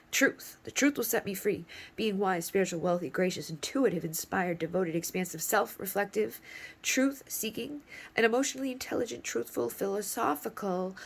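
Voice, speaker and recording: Rambling, cursing woman tarot reader. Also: medium pitch. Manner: rambling, profane and playful. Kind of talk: casual tarot reading.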